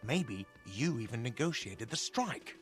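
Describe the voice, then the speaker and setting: A man's voice: medium pitch, big pitch swings, measured pace, fairly bright tone, faint music behind. A man voicing a sarcastic, exasperated hostel manager in a video game.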